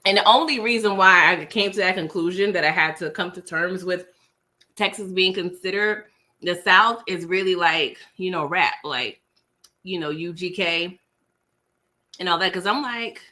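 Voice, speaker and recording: A woman's voice: on the low side, moderate pace, pushed and bright. A woman from the US East Coast with an East Coast accent, hosting a casual livestream, chatting with viewers and laughing while eating dinner on a laptop mic. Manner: chewing while talking. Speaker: livestream host.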